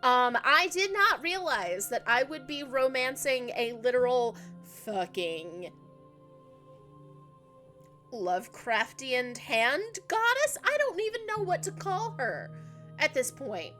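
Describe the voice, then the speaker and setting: Young woman streamer rambling over a game, emotional, lots of likes, kinda high voice, faint music. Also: big pitch swings, slow, sharp tone. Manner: chatty, emotional, full of fillers. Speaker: let's play streamer. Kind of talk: casual gameplay commentary.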